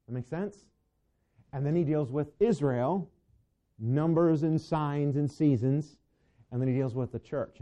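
Guy teaching a bible class, real mellow dark voice, chatty and rambling, kinda muffled lo-fi recording. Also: mid-range voice. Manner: conversational and digressive, with asides to the class.

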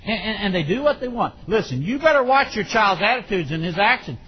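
A man preaching a sermon on raising children, acting out parents and children and bursting into shouts. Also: high voice, big pitch swings, a little fast, highs cut off, slight background noise.

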